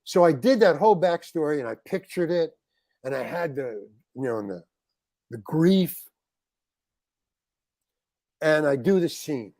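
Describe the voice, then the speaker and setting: A man, a guest actor, telling a long anecdote in a casual interview, animated and saying "man" often. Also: fairly high pitch, a little slow, long pauses, dry recording. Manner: animated anecdote teller, peppers talk with "man".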